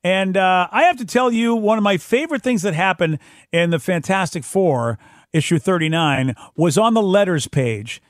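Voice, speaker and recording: A man hosting a casual podcast chat, talking excitedly and acting out quotes. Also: sits high, moderate pace, no room sound, clean studio sound. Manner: excitable, acts out quotes, repeats himself when fired up. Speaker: podcast host.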